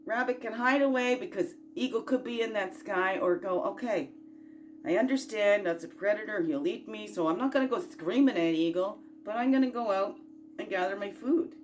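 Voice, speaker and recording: A woman hosting a casual self-growth chat, folksy and encouraging, rambling through asides and rhetorical questions, sometimes bursting out loud and sometimes dropping to a murmur. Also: medium pitch, moderate pace, a little hiss or hum. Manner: swings between loud bursts and quiet murmurs. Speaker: spiritual self-growth host.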